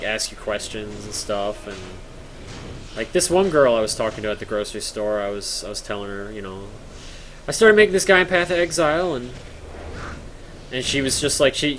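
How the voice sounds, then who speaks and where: A man's voice: mid-range voice, a bit bright, slight background noise, low-quality recording. A young man live-streaming a game from home, rambling and joking in casual chat and reading viewer comments aloud.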